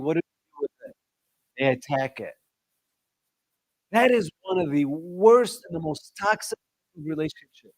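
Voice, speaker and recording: A middle-aged man leading a religious discussion for adults, lively and often asking his listeners questions. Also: no echo. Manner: lively, asks the audience questions, shifts pitch sharply for emphasis. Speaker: discussion leader. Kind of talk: religious talk to an audience.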